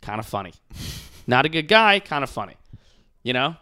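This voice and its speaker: A podcast host, a man, rants in a casual, profane way. His pitch swings widely as he mocks people with impressions, and his tone is bright and forward. The recording is close and dry. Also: moderate pace, clean tone, dry recording. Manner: animated, profane, mocking impressions.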